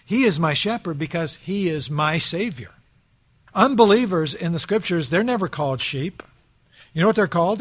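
Male pastor, earnest sermon delivery, rhetorical questions to the flock, voice on the higher side. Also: fairly bright tone.

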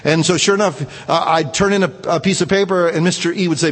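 A man telling a personal story aloud in an earnest way, rising to excited emphasis. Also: high-pitched, fast. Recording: reverberant room.

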